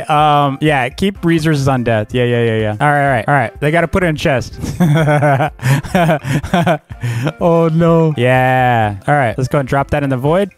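A young man giving let's-play commentary, excitable and playful, laughing often as he banters. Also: fairly high pitch. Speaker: gaming YouTuber.

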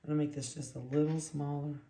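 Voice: mid-range voice, little pitch movement, quick pace, dark tone, slight background noise. A dog breeder chatting casually while handling puppies and cooing at them in baby talk. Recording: roomy echo.

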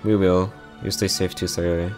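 A man reading a visual novel story aloud, narrating and voicing every part in a soft, heartfelt way. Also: low-pitched, flat delivery, moderate pace, faint music behind.

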